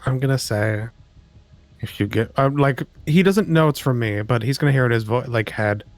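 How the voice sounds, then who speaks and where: A man's voice: medium pitch, fairly quick, no room sound. A man playing a tabletop game, casually talking through his plans. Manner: planning aloud, casual. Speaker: player.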